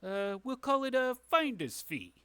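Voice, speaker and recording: A man playing a shady dealer, oily, menacing, lively swooping voice, dry close sound. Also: very high-pitched, smooth, dry recording, voice pushed up, heavily acted. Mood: wheedling. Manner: oily, veiled threats, hesitant pauses. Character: shady smooth-talking male crime dealer, menacing.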